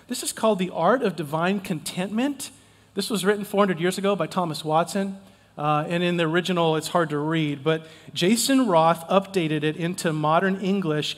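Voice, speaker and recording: A man pastor preaching a sermon in an emphatic, folksy, animated way, repeating his key points. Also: fairly high pitch, long reverb tail. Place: church sanctuary.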